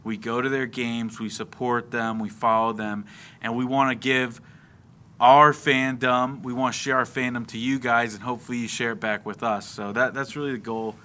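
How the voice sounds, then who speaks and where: A man's voice: medium pitch, little pitch movement, moderate pace, bright, forceful tone. A young man from Florida, co-hosting a casual sports talk show and recapping the game play by play in a chatty way. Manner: chatty, recaps plays at length. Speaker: podcast co-host.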